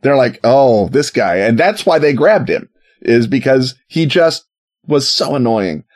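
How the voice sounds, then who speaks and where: A man's voice: mid-range voice, animated, unhurried. A man co-hosting a podcast, telling a history story in a sarcastic, jokey way and putting on mock voices for the people in it. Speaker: podcast co-host. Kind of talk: casual comedic history chat.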